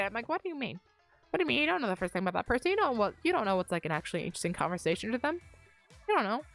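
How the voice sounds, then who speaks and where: A woman's voice: high voice, big pitch swings, very fast, a bit bright, no room sound, faint music behind. A young woman chatting casually and rambling on a gaming livestream from her upstairs bedroom, speaking into a desk mic on a mic arm. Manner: rambling, self-deprecating, chatty. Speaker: streamer.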